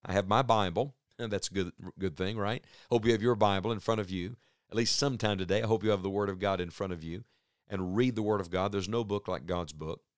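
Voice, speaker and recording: A man teaching through a Bible passage on the radio in an earnest, measured way, stressing points through repetition. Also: lowish voice, clear, resonant tone, no room sound, clean studio sound.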